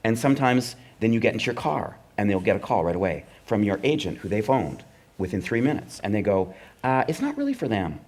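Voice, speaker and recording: Wry storytelling middle-aged man, lowish voice. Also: lively intonation, fairly quick, a little mellow. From Canada. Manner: wry, anecdotal, acts out the voices of network executives. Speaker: comedy writer and performer, guest. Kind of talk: live onstage conversation, storytelling.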